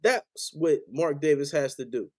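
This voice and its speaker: A man's voice: a little high, unhurried, darkish tone. Furious, foul-mouthed man ranting about football. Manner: heated, profane, repetitive ranting. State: angry. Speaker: sports podcast host. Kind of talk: angry fan rant on a live stream.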